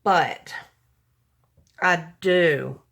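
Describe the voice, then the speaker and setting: A woman's voice: fairly low pitch, extremely slow, vocal fry. A woman, gushing and exclaiming as she opens a gift package at home at night. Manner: gushing, excitable, gasps and exclaims, addresses viewers as y'all. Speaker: vlogger opening a gift package. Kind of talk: casual unboxing chat.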